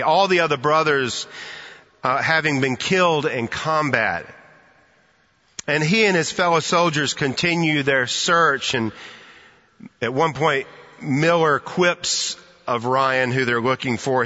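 A man preaching a sermon, unhurried, with a bright, forceful tone. He tells stories and drops to a soft hush for emphasis. His voice comes through slightly muffled, with a long echo from a church hall. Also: mid-range voice. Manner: storytelling, slows and softens for emphasis.

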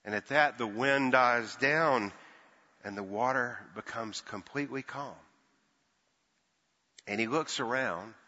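A man's voice: mid-range voice, slow pace, long pauses. Older male preacher in an echoing hall. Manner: storytelling, acts out quoted voices with hushed and lifted tones. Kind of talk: sermon. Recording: dull sound with long hall reverb.

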